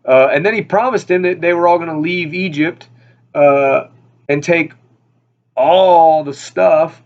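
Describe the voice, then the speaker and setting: Man, casual Bible teacher, rambling, lots of fillers, somewhat high voice, muffled lo-fi sound. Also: unhurried. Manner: rambling, filler-heavy, repeats words. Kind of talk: casual Bible study talk.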